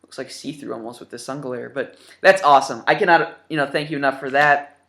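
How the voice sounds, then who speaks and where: Bright, eager young man gushing. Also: medium pitch, a little fast. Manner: enthusiastic and rambling, with many fillers. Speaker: gaming YouTuber showing his new games. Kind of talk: casual vlog.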